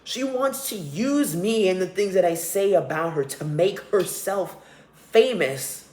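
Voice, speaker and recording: A man's voice: high voice, animated, measured pace, a little mellow. A young man hosting a solo podcast, ranting with profanity and scorn. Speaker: podcast host. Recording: roomy echo.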